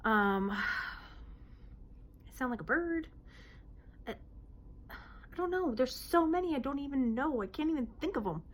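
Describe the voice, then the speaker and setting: A woman in her late thirties chatting casually as she answers viewer questions, her talk broken by sudden hoots, outbursts and throat clearing. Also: high-pitched, lively intonation, measured pace, long pauses. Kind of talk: casual Q&A vlog.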